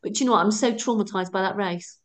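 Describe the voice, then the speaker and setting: A woman's voice: medium pitch, fast. A middle-aged woman, a runner guest telling her stories in a chatty, laughing way. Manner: chatty, laughs often, acts out her own thoughts. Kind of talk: casual storytelling interview.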